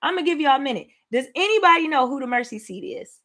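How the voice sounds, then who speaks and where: Excited woman host, high bright voice, big swings in pitch, chatty and animated Bible teacher. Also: quick pace. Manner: animated, laughing, talks to viewers as y'all. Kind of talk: livestream Bible study, excited casual teaching.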